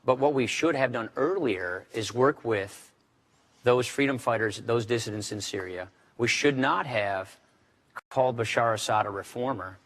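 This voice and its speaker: A man's voice: mid-range voice, normal speed, fairly bright tone. A man, a congressman, speaking in a formal political debate, firm and repeating key phrases for emphasis. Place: debate stage.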